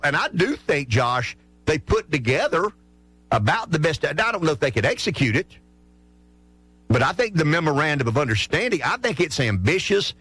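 A man's voice: on the high side, big pitch swings, moderate pace, bright, forceful tone, husky, no echo. A male talk radio host giving rambling political commentary, full of restarts and asides.

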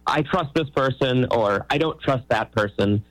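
A man's voice: mid-range voice, moderate pace, low-quality recording. A man, a magician guest on a radio show, explaining things in an easygoing, playful way. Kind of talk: radio interview.

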